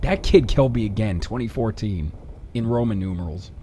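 Profane, excitable gaming commentator, lively pitch. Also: male voice, a little fast, slight background noise. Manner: profane, sarcastic, excitable outbursts. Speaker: gameplay commentator. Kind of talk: casual gameplay commentary.

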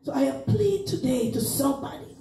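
A woman's voice: high voice, lively intonation, brisk, mellow, faint music behind. A woman pastor preaching a fervent sermon, chanting and crying out in rising sung phrases. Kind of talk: Pentecostal sermon. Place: church. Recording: roomy church sound from far off.

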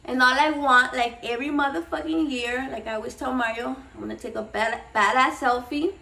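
High-voiced, profane woman. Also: brisk, vocal fry. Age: 30s. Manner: profane, excitable, switching between English and Spanish slang. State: a little shaky and nervous. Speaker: cooking vlog host. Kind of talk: casual rambling chat to camera. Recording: voice a bit far from the mic.

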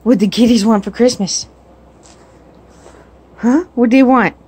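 A woman's voice: fairly high pitch, moderate pace, darkish tone, husky. A woman at home filming her cat on a phone, talking baby talk in coaxing, sing-song questions. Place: home indoors. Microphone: phone camera.

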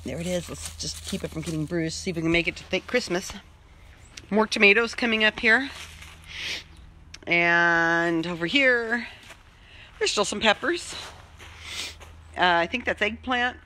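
A woman's voice: on the low side, measured pace, long pauses, bright, forceful tone, slight background noise, low-quality recording. A woman chatting casually while filming a tour of her own outdoor garden on a handheld phone, rambling as she goes. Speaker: vlogger. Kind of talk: casual chat.

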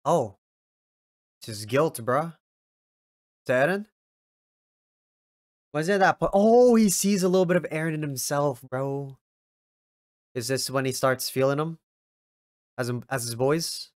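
A young man giving casual reaction commentary while watching an anime episode. He swears often and breaks into loud, excited yells. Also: a little high, unhurried, pauses often, no echo, clean studio sound.

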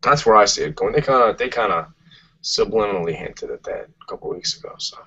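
A man's voice: lowish voice, expressive, quick pace, gravelly, bright, forceful tone, breathy edge. A man, co-hosting a casual podcast, ranting emphatically and swearing a lot. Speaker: podcast co-host. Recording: muffled lo-fi podcast audio.

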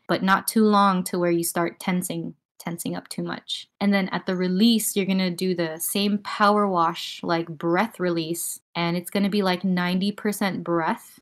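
A woman with a slightly low voice talks a group through a breathing exercise. She speaks casually and calmly, filling her sentences with "like". She is heard over a video call mic with noise cancelling. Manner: casual, calm guiding talk with many filler likes. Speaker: breathwork and voice teacher.

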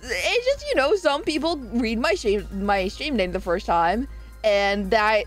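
A woman's voice: on the high side, very animated, unhurried, faint music behind. A young woman streamer in casual live-stream chat, reading chat aloud with lots of swearing and laughing. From Southern US.

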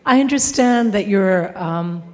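A woman in the audience playing a parent, talking in a calm, soothing, reassuring way. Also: medium pitch, a little slow, long reverb tail. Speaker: audience member. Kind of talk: improvised role-play as a parent.

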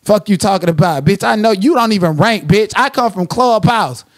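A man's voice: sits high, animated, normal speed. A man hosting a livestream commentary rant, profane and confrontational, who sometimes slips into sing-song asides. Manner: profane, confrontational, trash-talking. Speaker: commentary channel host.

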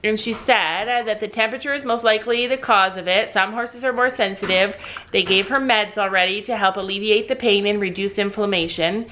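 In a casual to-camera vlog, a Canadian mother talks directly to her viewers with a handheld camera, chatty and a little fast. Her mid-range voice is bright with a forceful tone. The audio is poor, with a little hiss or hum.

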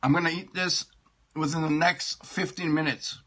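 A man's voice: fairly high pitch, steady tone, normal speed, fairly bright tone, breathy edge. A middle-aged man, hosting a comic sports show and ranting with lots of swearing while he eats. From Toronto, Canada. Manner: profane, ranting, repeats himself; talks while eating pie. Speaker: show host.

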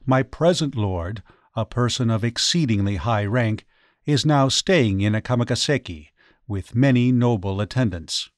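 A man's voice: mid-range voice, lively intonation, normal speed, no echo, clean studio sound, natural voice. A man voicing a stern, commanding samurai retainer in an audiobook ghost story, curt and formal. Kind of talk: audiobook character reading.

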